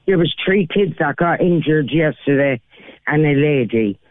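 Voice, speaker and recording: A woman's voice: low voice, animated, moderate pace, dry recording. An Irish woman calling into a radio show, talking indignantly in a casual way, with lots of "like"s. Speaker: caller. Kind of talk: phone-in call. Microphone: telephone. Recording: tinny phone line.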